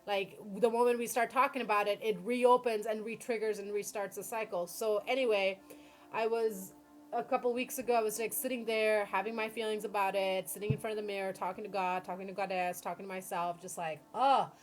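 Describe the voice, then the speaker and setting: A woman giving a tarot reading on a live stream, expressive, swearing freely and acting out her own dialogue. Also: mid-range voice, brisk, soft background music. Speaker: tarot reader. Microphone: phone or computer mic on a live stream.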